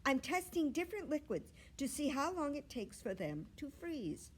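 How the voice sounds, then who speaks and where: A woman's voice: sits high, big pitch swings, normal speed, a little hiss or hum, voice pushed up. A woman doing an eager schoolgirl.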